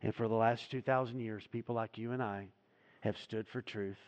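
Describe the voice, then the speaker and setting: A man preaching from the pulpit, his voice rising to loud, emphatic peaks and falling away to quiet, low endings. The sound carries a long reverb tail, as if heard in a large sanctuary. The audio is a little dull and muffled. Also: fairly even intonation, moderate pace. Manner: preaching with dramatic swells and drops in volume. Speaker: pastor. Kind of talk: sermon. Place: church sanctuary.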